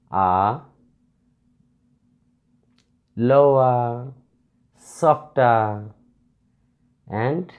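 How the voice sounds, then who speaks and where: A man teaching English pronunciation, dictating slowly and repeating words as he writes on a whiteboard. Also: medium pitch, muffled recording. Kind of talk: classroom lesson at a whiteboard.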